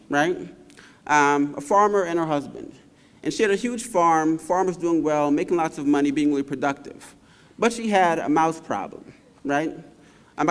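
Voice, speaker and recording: A man delivering a commencement address, spinning a folksy fable and punctuating it with constant tag questions to keep listeners with him. His voice sits a touch high for a man. It carries the long reverb of a large hall. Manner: engaging, checks in with frequent tag questions. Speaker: commencement speaker. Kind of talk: graduation speech, storytelling.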